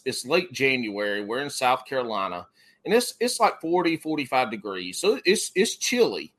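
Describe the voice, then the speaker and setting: Rambling man telling stories. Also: fairly high pitch. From Southern US. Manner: rambling, profane storyteller with many restarts. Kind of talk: casual chat.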